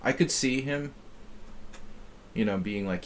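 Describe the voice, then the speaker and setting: A middle-aged man with a deep, low-pitched voice rambles through a story while hosting a chess stream. He talks in a halting way, full of fillers and false starts. A faint hum of room noise sits behind him. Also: expressive. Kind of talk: casual chat while playing.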